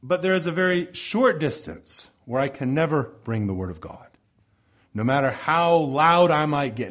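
A male pastor preaching a sermon in a church over the sound system, impassioned, swinging between loud pleading and soft low asides. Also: lively intonation, normal speed. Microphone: church sound system microphone.

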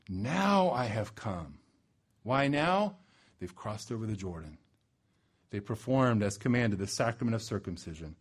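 A man preaching a sermon, building to loud emphatic peaks and dropping low and slow for weight. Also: slightly rough. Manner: dramatic swings in pitch and loudness, slows for emphasis.

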